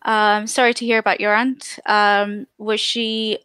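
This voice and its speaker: A woman hosting an interview, reacting briefly and asking gentle follow-up questions. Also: medium pitch, little pitch movement, unhurried, clear, resonant tone, no room sound. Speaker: host.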